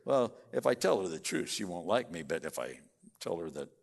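A preacher doing a low, sweet-talking boyfriend. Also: male voice, very animated, fairly quick, gravelly, big-room sound, heavily acted. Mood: fretful. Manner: sweet-talking, then sulky. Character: smitten young boyfriend, later grumbling husband.

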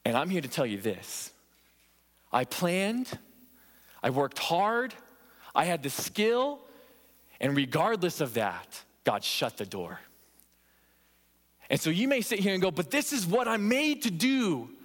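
A man delivers a sermon in an earnest, emphatic way, driving points home by repeating phrases. His voice sits a little high for a man. The sound carries a long reverb from the church hall around him. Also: wildly swooping pitch, slow pace, long pauses. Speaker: preacher.

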